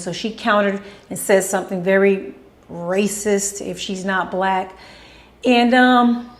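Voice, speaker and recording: Female vlog host in a casual Q&A, blunt, opinionated and profane. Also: medium pitch. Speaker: host answering viewer questions.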